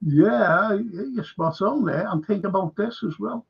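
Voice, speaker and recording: Gravelly Liverpool-accented man hosting a fan chat. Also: high voice, measured pace, muffled recording. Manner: reads viewer comments aloud. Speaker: host.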